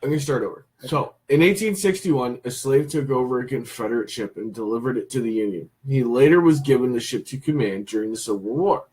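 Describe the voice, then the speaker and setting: A man co-hosting a live chat show, reading trivia facts aloud in a halting way. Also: medium pitch, mellow, poor audio. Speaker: co-host.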